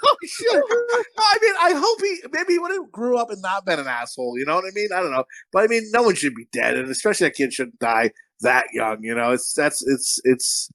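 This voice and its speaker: A man's voice: mid-range voice, very animated, fairly quick, few pauses, a bit bright, no echo. A man co-hosting a podcast in casual chat, a profane, rambling storyteller who laughs at his own stories. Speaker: podcast co-host.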